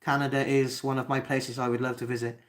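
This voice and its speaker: A young livestream host from Wales, Cardiff accent, reads chat comments aloud while hosting a live Q&A. He talks fast in a flat, mid-range voice, yet stumbles with many ums and restarts.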